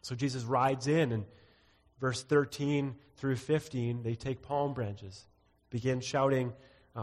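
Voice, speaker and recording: A man's voice: medium pitch, steady tone, slow pace, a little mellow, in a large hall. A man preaching a sermon, teaching through scripture and reading verses aloud with frequent "uh" fillers. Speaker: pastor.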